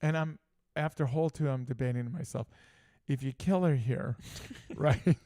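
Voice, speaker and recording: A man co-hosting a live sports talk show, telling an animated story with frequent laughter. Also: mid-range voice, moderate pace, no echo, studio quality. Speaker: co-host. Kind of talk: casual chat.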